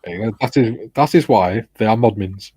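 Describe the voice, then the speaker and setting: A man hosting a casual livestream chat who reads viewer comments aloud in a relaxed way. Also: lowish voice, normal speed, slightly rough, no room sound. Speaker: stream host.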